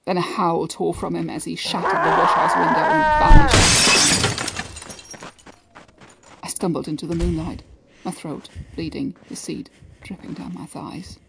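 A woman narrating an erotic story in a slow, breathy way, often sinking into hushed whispers. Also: fairly low pitch, expressive, very noisy. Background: background music.

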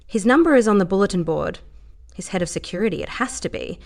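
A woman's voice: mid-range voice, animated, fast talker, vocal fry. A woman voicing a level-headed young dancer, dry and sometimes sarcastic. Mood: firm.

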